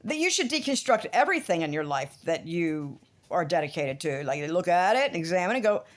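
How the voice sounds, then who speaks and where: A woman's voice: lowish voice, brisk. A middle-aged woman from the United States ranting casually to camera, swearing freely. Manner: animated, swearing, talks to her dogs in between. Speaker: vlogger.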